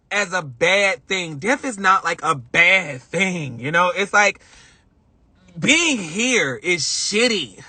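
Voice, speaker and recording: Male vlogger, high bright voice, dry close phone sound, earnest and repetitive monologue. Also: dry recording. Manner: heartfelt, rambling, repeats himself. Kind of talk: emotional live-stream monologue. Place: in a car.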